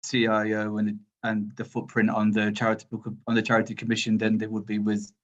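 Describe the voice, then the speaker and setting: Polite man asking questions, flat voice. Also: on the low side, a little fast, lo-fi sound. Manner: polite, apologetic, thinking aloud. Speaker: webinar participant asking questions. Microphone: video call.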